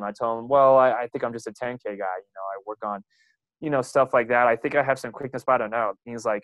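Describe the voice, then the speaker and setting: A man's voice: medium pitch, fairly even intonation, fast, a bit bright, dry recording, low-quality recording. A young man, a runner, telling rambling stories about his coach with lots of fillers and laughs. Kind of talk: casual storytelling.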